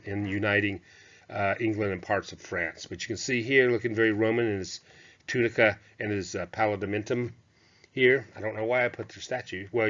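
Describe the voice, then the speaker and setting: Man, lecturer, lowish voice, bright edge, chatty slide talk, muffled lo-fi recording. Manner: chatty, digressive, with fillers and asides. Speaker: costume history lecturer.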